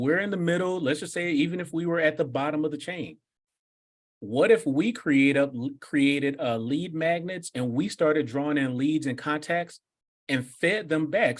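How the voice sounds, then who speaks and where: A man hosting a business workshop, answering questions in an energetic, conversational coaching manner. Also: a little high. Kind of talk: live workshop Q&A.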